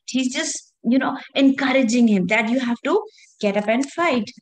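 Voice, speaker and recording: A woman teaching a children's lesson, retelling an old scripture story in plain words. Her voice sits high. She talks in a halting way, uses many fillers and keeps turning to the children with questions.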